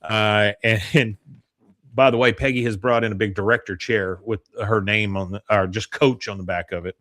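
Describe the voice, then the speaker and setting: A man's voice: fairly low pitch, no room sound. A man co-hosting a podcast, recapping a television episode in casual chat with many fillers and acted-out quotes. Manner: halting, many fillers, animated when quoting.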